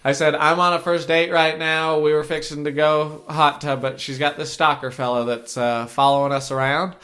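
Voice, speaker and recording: A man's voice: fairly high pitch, little pitch movement, moderate pace, fairly bright tone. A man co-hosting a podcast, telling a rambling, crude story in casual chat and laughing as he goes. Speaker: podcast co-host. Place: shared room with co-host.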